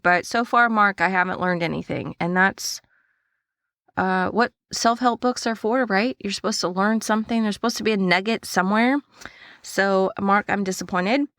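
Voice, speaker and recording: A woman hosting a casual solo podcast, telling a story in a chatty, animated way and acting out the dialogue. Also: mid-range voice, smooth, no room sound, studio quality. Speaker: podcast host and small business owner.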